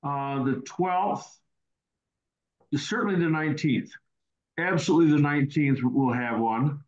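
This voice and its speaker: A man's voice: a little high, a little slow. A man hosting a casual question-and-answer teaching session over a video call, rambling and repeating words as he goes. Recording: roomy, dull online call audio.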